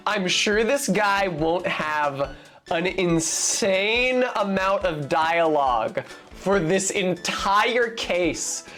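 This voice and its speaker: A woman's voice: fairly low pitch, a bit bright. A woman streamer casually commenting on a game, wry and joking, swearing now and then. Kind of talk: let's play commentary. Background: faint game music.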